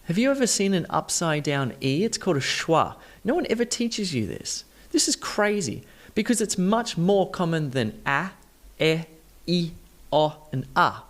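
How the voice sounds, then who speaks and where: A man's voice: high-pitched, very animated, moderate pace, few pauses. A man teaching English pronunciation in an online lesson, talking emphatically and with enthusiasm, stressing words to demonstrate them.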